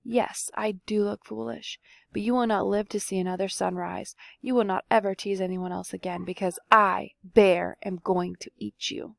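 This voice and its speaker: A woman voicing a big, grumpy male bear who growls in low, hushed tones in a storybook reading. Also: steady tone, moderate pace, vocal fry, dry recording, natural voice. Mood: menacing.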